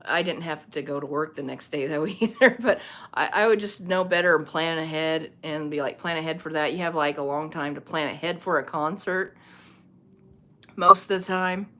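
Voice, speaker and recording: Woman, low voice, casual rambling livestream host on her phone, laughs easily. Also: moderate pace, a bit bright. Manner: rambling, chatty, laughs often. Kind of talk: casual livestream chat with viewers. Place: home room lit by a small ring light.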